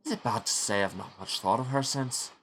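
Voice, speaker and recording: A man's voice: lowish voice, brisk, gravelly, fairly bright tone, a little hiss or hum. A man voicing a gloomy young Scottish doctor in a shaky put-on Scottish accent that slides toward Irish, with a dry, rueful manner. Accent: put-on Scottish drifting toward Irish.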